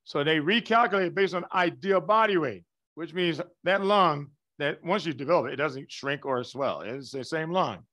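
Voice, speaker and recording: Lively man lecturing a class. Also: on the high side, normal speed. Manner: lively, emphatic, asks the class questions. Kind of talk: live online lecture.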